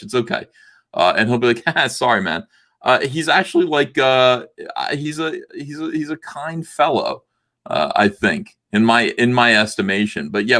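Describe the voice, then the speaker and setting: A middle-aged man hosts a casual livestream chat, hesitating with many fillers and laughing often. His voice is medium-pitched, bright and forceful.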